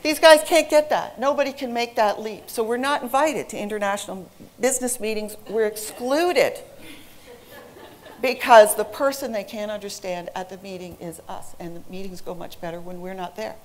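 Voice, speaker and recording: A woman in her forties, an English teacher, giving a presentation to an audience with lively, humorous storytelling. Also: fairly high pitch, normal speed.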